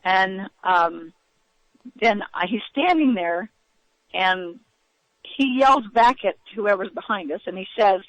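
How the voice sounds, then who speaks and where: A woman recounting events as an interview guest, in a halting way with many fillers and restarts. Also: mid-range voice, animated, no echo. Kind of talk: eyewitness account in a radio interview. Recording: dull, lo-fi radio audio.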